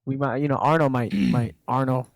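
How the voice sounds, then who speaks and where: A man's voice: medium pitch, steady tone, brisk. A man playing in a tabletop game, stating his character's actions in plain words. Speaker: player. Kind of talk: casual play at a tabletop game.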